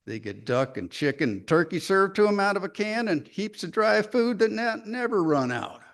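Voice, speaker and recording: A man doing a boastful drawling barn cat. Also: a little high. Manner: folksy country dialect, drawling. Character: proud scrappy rural barn cat, boastful. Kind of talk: dramatic poetry reading.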